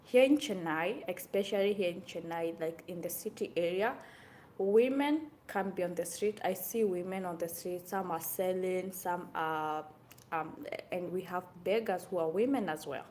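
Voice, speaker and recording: A young woman from Kenya chatting to camera in a casual vlog, animated and exclaiming often. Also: lowish voice, moderate pace, slight background noise. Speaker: vlogger.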